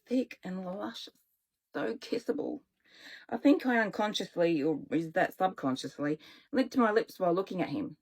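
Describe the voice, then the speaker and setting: A woman's voice: lowish voice, darkish tone. A woman reading her own first-person romance novel aloud, chatty and informal, stopping to correct herself and talk to listeners.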